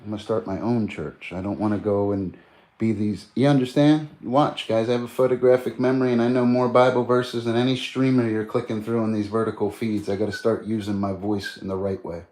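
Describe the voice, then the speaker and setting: A man's voice: fairly low pitch, steady tone, brisk, a little mellow, a little hiss or hum. A man livestreaming in a casual, boastful, preachy way, quoting scripture at length.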